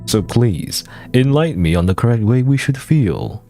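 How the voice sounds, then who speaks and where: A man's voice: medium pitch, lively intonation, normal speed, mellow, faint music behind, lightly acted. A man voicing a sarcastic middle-aged priest, speaking in a mocking tone.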